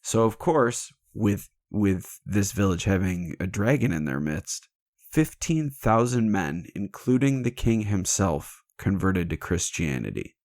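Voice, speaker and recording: A man's voice: deep voice, very animated, unhurried, a little mellow, dry recording, clean studio sound. A man hosting a podcast, retelling a legend in a casual, irreverent and jokey way, swearing freely. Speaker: podcast host. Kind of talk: casual storytelling chat.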